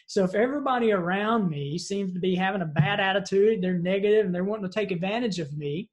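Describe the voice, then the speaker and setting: A man's voice: high voice, brisk, darkish tone. A man teaching a virtual leadership seminar in an earnest, storytelling way, often checking in with "right?". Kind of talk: motivational seminar talk.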